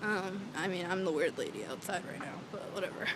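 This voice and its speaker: A young woman telling a rambling, excitable story in a casual vlog, swearing freely, recorded outdoors near a street. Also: fairly low pitch, fairly quick. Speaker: vlogger. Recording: traffic noise from outdoors.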